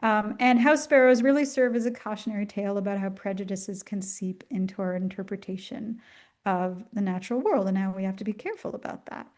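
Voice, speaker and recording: A woman's voice: mid-range voice, a little fast, a little mellow. A woman giving a chatty, enthusiastic talk with many ums and asides, coughing now and then as she gets over a flu. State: coughing, at the tail end of a flu. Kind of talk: casual illustrated lecture.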